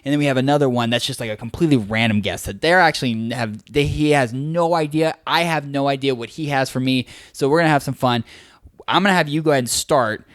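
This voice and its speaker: A young man co-hosting a podcast, telling stories in a loose, animated way, leaning on "like" and "dude" as fillers. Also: medium pitch, fast talker, no echo, clean studio sound. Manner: animated storyteller, heavy filler use of "like" and "dude". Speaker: podcast co-host. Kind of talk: casual chat.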